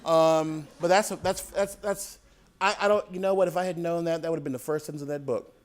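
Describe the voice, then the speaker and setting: A man giving an author talk to an audience, telling lively stories with laughter and acted-out voices. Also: fairly high pitch, brisk. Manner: animated, laughing, acts out voices in anecdotes. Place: public hall with audience.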